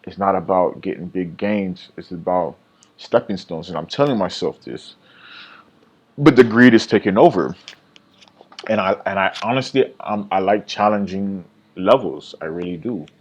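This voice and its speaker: A man's voice: sits low, normal speed. A man recapping his day trades in a casual vlog, rambling and self-critical, with lots of fillers and restarts.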